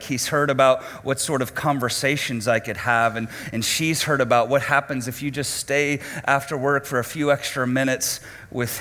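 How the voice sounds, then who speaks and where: A male lead pastor preaches to his congregation in a large church auditorium. His sermon is dramatic, swinging between loud emphasis and hushed lows, and he puts direct questions to the room.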